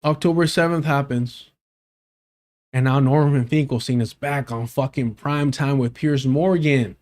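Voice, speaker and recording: A man's voice: mid-range voice, fairly even intonation, unhurried, darkish tone. A man giving heated, profane commentary while reacting to a debate clip on a live stream.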